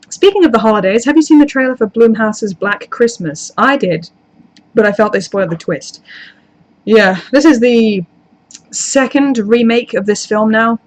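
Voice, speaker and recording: Chatty woman reading viewer comments. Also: medium pitch. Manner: rambling, chatty, self-deprecating asides. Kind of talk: casual live chat.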